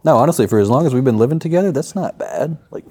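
A man's voice: medium pitch, lively intonation, very fast. Laid-back young man, faint background noise. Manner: laid-back, short agreeing remarks. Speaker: podcast guest. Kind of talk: casual podcast chat.

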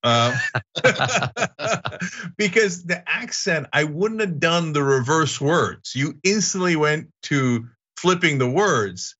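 Bright, animated male host. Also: a little high, slow pace, slightly rough, muffled recording. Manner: laughing, animated banter. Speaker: show host. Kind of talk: casual chat, reading viewer comments.

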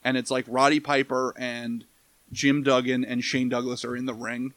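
A man's voice: mid-range voice, little pitch movement, normal speed, fairly bright tone, no echo. A man in casual podcast chat reviewing a movie, rambling and profane, breaking into goofy impressions. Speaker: podcast co-host.

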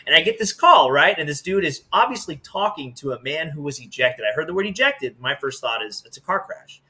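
Lively, bright-voiced man telling a story. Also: fairly high pitch, brisk. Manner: storytelling, animated. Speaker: former 911 dispatcher. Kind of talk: casual podcast chat.

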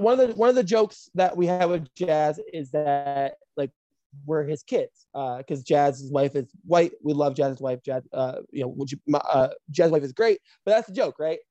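A woman, a professional wrestler, telling a story in a casual, animated and profane way. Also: low-pitched, normal speed, dry recording, dull audio.

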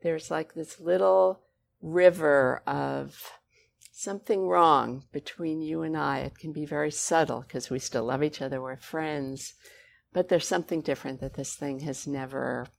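A woman, a guest author, telling stories conversationally with animated, expressive emphasis. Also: deep voice, unhurried, creaky. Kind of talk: conversational storytelling.

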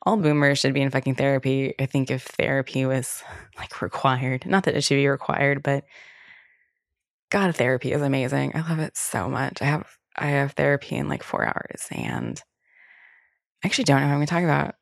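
A woman's voice: extremely low pitch, lively intonation, fairly quick, gravelly, dry recording, clean studio sound. A young adult woman hosting a solo podcast, talking candidly and casually with lots of fillers and the odd swear word. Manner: candid, chatty, swears freely, many fillers. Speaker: podcast host.

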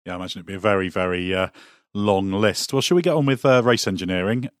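A man hosting an interview, briskly steering the conversation with his questions. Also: low-pitched, no echo, studio quality. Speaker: podcast host.

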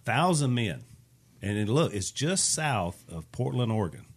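A man hosting a podcast, telling an anecdote in a casual, animated way. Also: medium pitch, normal speed, husky. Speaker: podcast host. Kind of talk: casual storytelling chat.

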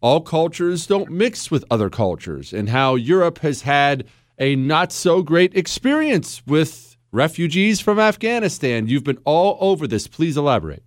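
A man hosting a call-in radio talk show, animated and sarcastic, laughing often. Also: a little high, a little slow, no echo, studio quality.

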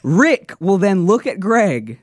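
A man's voice: high voice, big pitch swings, takes it slowly, no room sound. A man, co-hosting a radio show, telling stories in casual comedic banter and laughing often. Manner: storytelling with frequent laughter.

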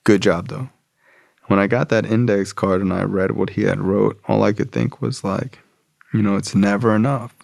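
A man's voice: lowish voice, steady tone, moderate pace, creaky, darkish tone, dry recording. A young man telling a personal recovery story in a casual, profane way, full of slang and fillers.

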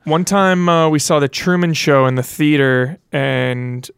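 A man's voice: on the high side, measured pace, gravelly, smooth, no echo, clean studio sound. A man in casual podcast chat, telling stories in a laid-back way and swearing casually.

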